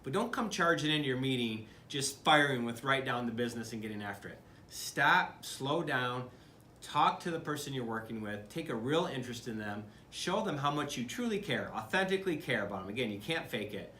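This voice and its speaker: A man's voice: mid-range voice, expressive, a little fast, sharp tone, roomy sound, a little hiss or hum. A middle-aged man from Michigan, a business leader talking earnestly to camera in a conversational way, with many fillers and restarts. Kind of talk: speaking to camera about leadership.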